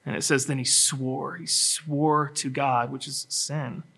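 A man preaching a sermon, acting out scripture in a dramatic voice that drops low and rises to a shout. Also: steady tone, slow pace, vocal fry, slightly rough. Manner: dramatic voicing of scripture, swinging from hushed to shouting. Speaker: pastor.

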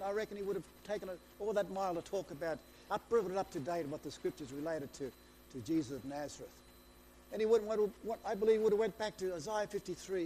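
An excitable male preacher whose voice sits high but has a soft, mellow tone. He retells scripture as an eager story, tripping over and restarting phrases as he goes. A faint hum and light noise run under his voice. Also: fast talker. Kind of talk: sermon.

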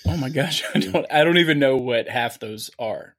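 A man's voice: medium pitch, normal speed, fairly bright tone. A man co-hosting a comedic interview, earnest and easily moved in his reactions. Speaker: co-host.

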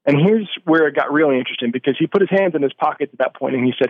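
A man being interviewed, telling his story earnestly and thoughtfully, pausing and restarting as he searches for words. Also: a little high, no echo. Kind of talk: reflective storytelling. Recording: tinny phone line.

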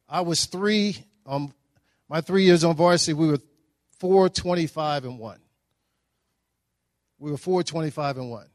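A man tells stories to a breakfast crowd, acting out the voices of the people in them. His voice sits a little high for a man, and his delivery is folksy and animated. The sound is dry and close to the mic. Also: no echo. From Dallas, Texas. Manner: animated, folksy storytelling with acted-out quotes. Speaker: guest speaker. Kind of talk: storytelling speech at a breakfast.

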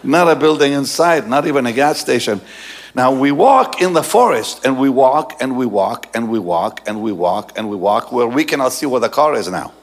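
A male pastor telling a story in a sermon, animated and often laughing, and dropping low and soft for the serious parts. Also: normal speed.

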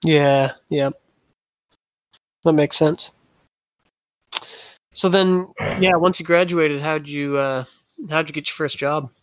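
A man's voice: on the high side, fairly even intonation, slow pace, pauses often, no room sound. A man hosting an interview, asking curious follow-up questions and affirming the answers. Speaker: podcast host. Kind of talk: casual interview.

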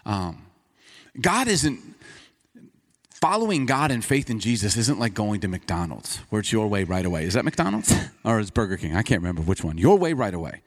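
Animated preacher in a reverberant church hall. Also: male voice, lowish voice, normal speed. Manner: conversational storytelling preacher, acts out dialogue. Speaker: pastor. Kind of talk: sermon.

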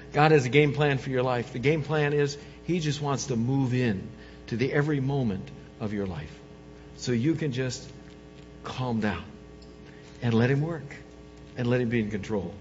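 A male pastor preaching a sermon, moving from soft coaxing lines to loud, emphatic ones. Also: a little high. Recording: dull sound with long hall reverb.

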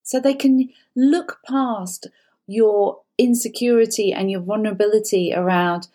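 A woman's voice: mid-range voice, steady tone, a little slow, mellow. A woman speaking as a guest expert, giving earnest, explanatory advice and often repeating herself. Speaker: guest psychologist. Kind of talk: conversational advice talk.

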